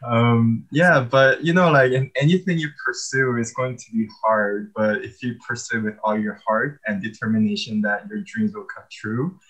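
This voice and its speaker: A man recounts his own story in easy, casual conversation. His voice sits at a middle pitch and stays animated, and he laughs often as he talks. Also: moderate pace, hardly any pauses, low-quality recording. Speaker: animation artist guest.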